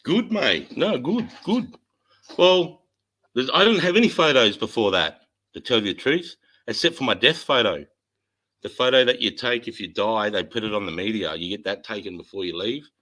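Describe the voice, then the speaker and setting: An Australian man in his forties, telling a war story in a casual chat, animated and swearing a lot. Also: lowish voice, brisk, poor audio. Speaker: host.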